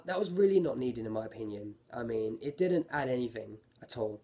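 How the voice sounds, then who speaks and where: A man's voice: mid-range voice, expressive, moderate pace, hardly any pauses, warm tone. A man giving a casual, rambling review of an anime episode, often correcting himself mid-sentence. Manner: rambling, self-correcting, lots of fillers.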